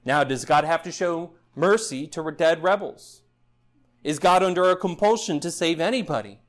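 A man preaching a sermon in an earnest style, building up loud passages and then dropping low and quiet. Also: normal speed. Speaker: pastor.

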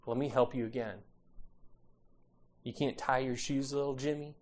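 A man voicing a gentle, patient parent softly coaxing a small child. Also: mid-range voice, fairly even intonation, moderate pace, pitched below the performer's own voice, close to an everyday voice. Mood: tender. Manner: soft, hushed, kneeling-down tenderness.

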